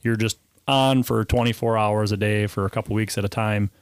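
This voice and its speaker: A man hosting a podcast, asking relaxed follow-up questions in casual conversation. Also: lowish voice, fairly quick, smooth, dry recording. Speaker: podcast host. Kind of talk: casual interview chat.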